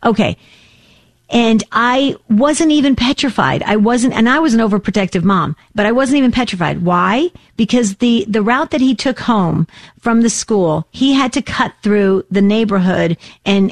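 A woman in her sixties telling a personal story in casual chat, animated and emotional, with many restarts. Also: medium pitch, dry recording, studio quality. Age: 60s.

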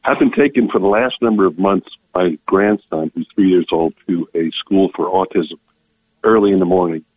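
Older male caller, deep voice, tinny phone line, earnest. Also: no echo. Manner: earnest, halting, emotional. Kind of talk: phone-in testimony. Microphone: telephone.

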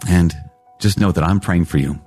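A priest giving a gentle closing prayer and sign-off at the end of a podcast. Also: male voice, deep voice, moderate pace, faint music behind.

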